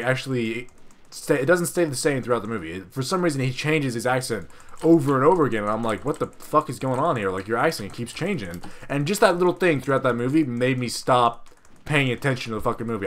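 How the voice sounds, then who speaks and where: A young man giving casual gameplay commentary, rambling and profane, with excitable bursts and frequent restarts. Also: on the high side. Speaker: gaming video creator.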